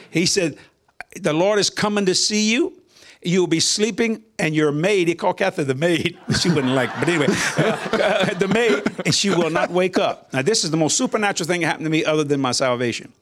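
An older man, a minister guest, telling a personal testimony in an interview, animated, chuckling often and acting out the voices he quotes. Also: a little high.

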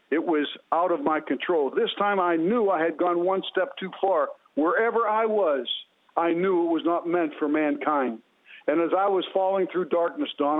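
A man calling in to tell an earnest personal testimony, repeating phrases as he builds the story. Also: on the high side. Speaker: caller telling his testimony. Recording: tinny phone line.

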